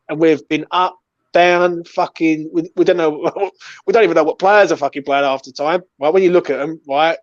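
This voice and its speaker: Brief: London man, fan show host, fervent and sweary, higher voice, dull dry lo-fi sound. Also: no echo. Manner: passionate, swears freely, says "yeah" and "right" constantly. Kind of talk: casual post-match chat.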